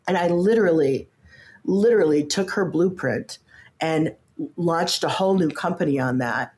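A woman in her fifties with a low, deep voice, chatting as an interview guest. She talks with energy and often repeats the first word while she finds her thought. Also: moderate pace. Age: 50s. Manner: animated, stammers at starts, acts out quoted voices. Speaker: podcast guest, coach and author. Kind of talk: casual interview chat.

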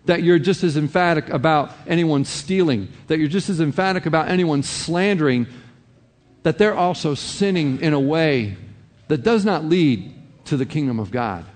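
Man, pastor, sermon, conversational, "you know" asides, fairly high voice, reverberant hall. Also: animated, normal speed.

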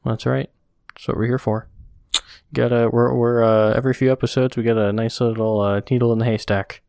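A man co-hosting a podcast in casual chat, relaxed and chuckling, reading comics aloud. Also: mid-range voice, a little fast, creaky, clear, resonant tone, dry recording, studio quality. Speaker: podcast co-host.

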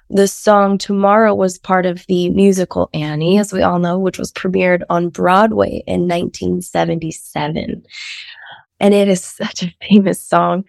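Chatty woman with a gravelly, sick voice. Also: medium pitch, a little mellow, no echo, studio quality. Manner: chatty, many restarts and fillers, laughs often. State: sick, slightly husky. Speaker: life coach and podcast host. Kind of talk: casual podcast monologue.

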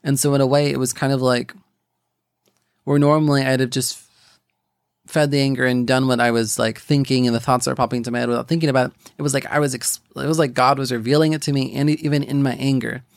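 Gravelly young man sharing a faith story. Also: mid-range voice, little pitch movement, no echo, studio quality. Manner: rambling, halting, many restarts and fillers. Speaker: podcast host. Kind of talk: personal faith testimony.

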